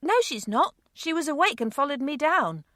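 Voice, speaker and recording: A woman voicing an earnest, eager little girl of six in an audiobook, high and pleading. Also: very animated, moderate pace, fairly bright tone, dry recording, studio quality. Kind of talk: audiobook character voice.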